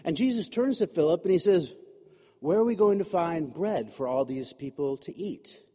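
A man with a high, mellow voice preaches in a relaxed, joking, conversational way. He fills his talk with "you know" and asides. His voice rings with a long echo, as from a church hall. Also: normal speed, husky. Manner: chatty and humorous, many fillers like "you know". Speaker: pastor. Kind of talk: conversational sermon. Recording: echoey hall.

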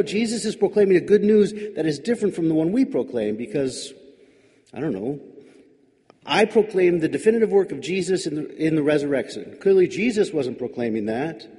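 A man's voice: a little high, mellow. Musing male pastor in a reverberant hall. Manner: musing, questioning, wry asides. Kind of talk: reflective sermon.

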